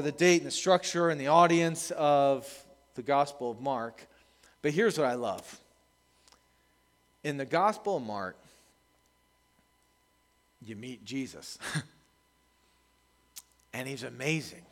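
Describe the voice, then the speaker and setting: Male pastor, raised voice, lively sermon storyteller, echoing hall. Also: on the high side, measured pace, long pauses. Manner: lively, animated storytelling with laughs.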